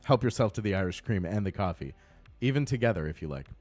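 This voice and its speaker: A man's voice: lowish voice, lively intonation, fast talker, darkish tone, soft background music. A man chatting casually on a game live stream, upbeat and greeting viewers by name.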